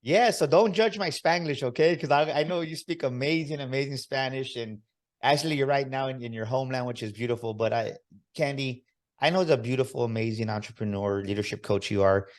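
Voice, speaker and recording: A man's voice: mid-range voice, brisk. A man hosting an interview podcast, enthusiastic and motivational, slipping in bits of Spanish. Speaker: podcast host.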